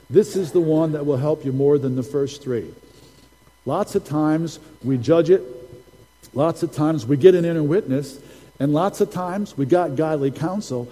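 A man's voice: on the high side, dark tone, long reverb tail, rough recording. A man preaching a sermon as a prophet, telling stories and repeating key phrases for emphasis.

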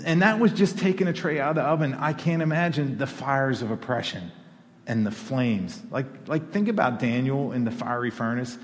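A pastor delivers a sermon in a mid-pitched male voice, talking to the room like a conversation, then pushing up in pitch and volume for emphasis. A long reverb from the church hall trails behind his words. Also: moderate pace. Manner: conversational, rising to emphatic peaks.

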